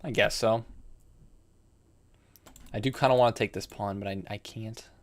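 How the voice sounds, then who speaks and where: A man's voice: fairly low pitch, steady tone, moderate pace. A man streaming online chess, chatting casually and thinking aloud about his moves while answering viewers. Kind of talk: casual live-stream game commentary.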